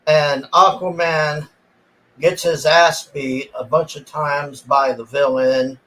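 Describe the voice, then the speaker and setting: A man's voice: a little high, steady tone, takes it slowly, pushed and bright, poor audio. A man ranting casually and sarcastically about a movie he disliked, exasperated and swearing freely. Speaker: movie reviewer.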